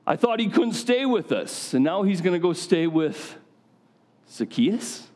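A man putting on a shrill, indignant townsman. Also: big pitch swings, a little slow, a little mellow. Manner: shrill indignant complaining, raised high voice. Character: angry resentful townsman, bitter grudging grown man.

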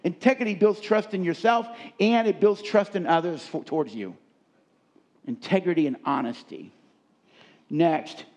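On a stage before a congregation, a pastor preaches a sermon emphatically, repeating key words for stress. His voice is high-pitched and a little mellow, at a normal speed.

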